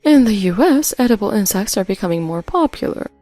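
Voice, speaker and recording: Woman doing a brisk scolding sister, firm, a bit raised, gravelly low end. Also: expressive, dark tone, no echo, soft background music, close to an everyday voice. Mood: stern brisk. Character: stern, scheming older sister, brisk and unsympathetic.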